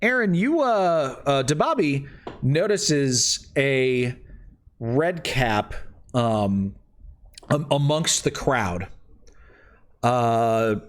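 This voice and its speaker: A man's voice: mid-range voice, expressive, extremely slow, pauses often. A man narrating a tabletop game as game master, loose and rambling with many fillers.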